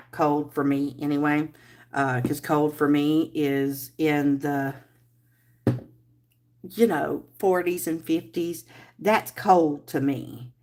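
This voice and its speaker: A woman hosting a casual livestream, rambling and chatting with viewers while she crafts. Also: low voice. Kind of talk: casual live-stream chat while crafting.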